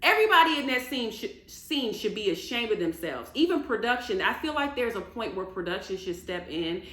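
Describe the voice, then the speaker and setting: A woman giving casual reaction commentary on a reality show, animated and indignant as she rants. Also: medium pitch, fairly quick. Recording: echoey room.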